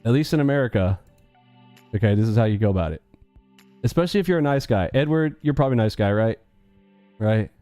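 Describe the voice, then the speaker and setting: Joking live-stream host, male, mellow dark voice, faint music behind. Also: mid-range voice, no room sound. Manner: joking, animated, acts out quick bits of dialogue. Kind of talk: casual live-stream chat.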